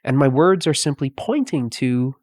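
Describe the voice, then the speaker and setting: A man giving a meditative spiritual talk, speaking softly with long pauses between phrases. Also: mid-range voice, lively intonation, dry recording, clean studio sound. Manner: slow, pausing, softly spoken. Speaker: spiritual teacher.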